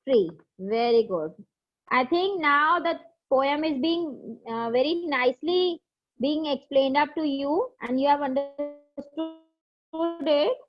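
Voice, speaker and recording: A woman teacher with an Indian English accent leads an online class, patiently asking each question twice and encouraging her students. Her voice sits high. The audio is dull and lo-fi, as from a video call.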